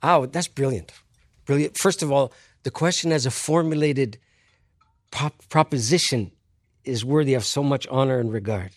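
A man at an ordinary middle pitch takes an audience question and answers with a long, thoughtful story. He speaks deliberately, pauses often and drops wry asides that he laughs at himself. His voice sounds dry and close, with no room echo. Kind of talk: reflective storytelling talk.

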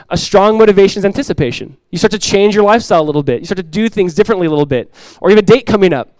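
A middle-aged man preaching a sermon as pastor to his church, earnest and direct, repeating key lines and acting out everyday voices with lively emphasis. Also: sits high, fast, hardly any pauses, clean tone, dry recording, rough recording. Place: church sanctuary.

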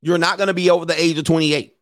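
A man's voice: fairly high pitch, steady tone, rapid-fire, fairly bright tone, no echo, studio quality. A man giving blunt, opinionated commentary, lecturing his listeners and repeating phrases for emphasis. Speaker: commentator host.

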